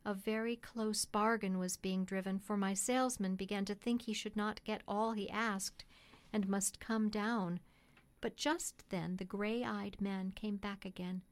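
Woman narrator for an audiobook, measured and gentle, mid-pitched. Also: steady tone. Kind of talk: scripted storybook narration.

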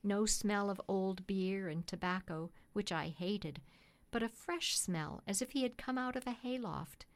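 A woman narrating a classic storybook in a steady, gentle, measured way. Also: mid-range voice. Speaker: audiobook narrator.

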